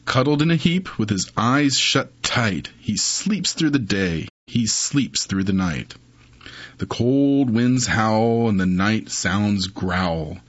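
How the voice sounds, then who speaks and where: A man reading children's stories and poems aloud in an expressive, sing-song way. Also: mid-range voice, takes it slowly, breathy edge, dry recording. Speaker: storyteller. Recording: dull muffled recording.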